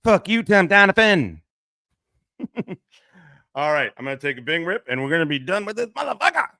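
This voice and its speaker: A man's voice: sits high, big pitch swings, moderate pace, creaky, pushed and bright, no echo. A middle-aged man hosting a casual livestream, rambling, swearing and laughing often into a close mic. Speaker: livestream host.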